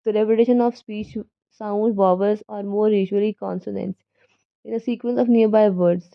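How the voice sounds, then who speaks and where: Woman reading a textbook aloud, gravelly. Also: mid-range voice, fairly even intonation, normal speed, dry recording, lo-fi sound. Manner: careful reading with slips and self-corrections. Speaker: student reader.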